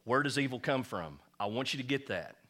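A man's voice: mid-range voice, lively intonation, fairly quick, fairly bright tone. A man preaching a sermon as pastor, emphatic and folksy, mixing jokes with insistent points.

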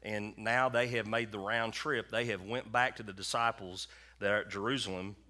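Forceful low-voiced male preacher. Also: fairly even intonation, moderate pace. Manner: folksy, conversational preaching with repetition. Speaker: pastor. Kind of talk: sermon. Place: church sanctuary with a congregation.

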